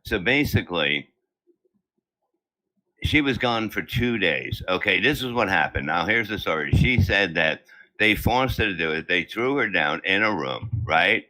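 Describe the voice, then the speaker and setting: A man's voice: low voice, animated, a little slow, bright, forceful tone. Profane older man telling crude stories. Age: 70s. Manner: crude, brash, swears constantly. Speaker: comedy podcast host. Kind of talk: profane comic storytelling. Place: at home.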